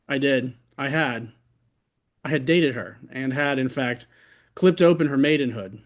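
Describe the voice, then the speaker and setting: A man at an open mic reading his own fiction aloud over a video call, in a wry, deliberate way. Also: mid-range voice.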